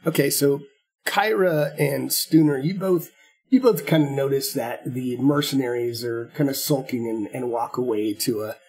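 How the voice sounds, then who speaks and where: Husky-voiced male game master. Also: mid-range voice, darkish tone. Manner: halting, repeats words often. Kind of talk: narrating a tabletop game.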